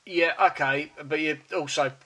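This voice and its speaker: A male interviewer talks in a casual, conversational way. His voice is bright and forceful. His questions wander and restart before they land. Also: a little high, fairly even intonation. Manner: halting, rambling questions with many restarts.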